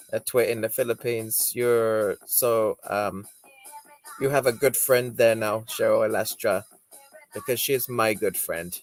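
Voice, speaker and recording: Slow-talking chatty livestream host man. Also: medium pitch. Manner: chatty, laughs often, reads out viewer comments. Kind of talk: casual livestream chat.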